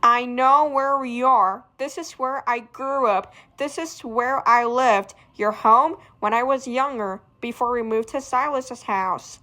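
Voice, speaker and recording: Woman reader with a bright, high voice; unhurried graphic novel read-aloud with character voices. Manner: shouts sound effects and alarmed lines. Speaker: fan reader.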